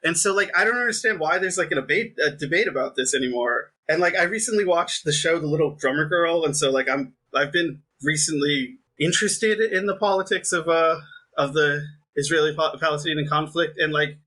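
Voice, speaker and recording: A man's voice: on the high side, a little fast, bright, forceful tone. A young man in casual conversation, rambling with constant fillers and sounding frustrated. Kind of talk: casual political chat.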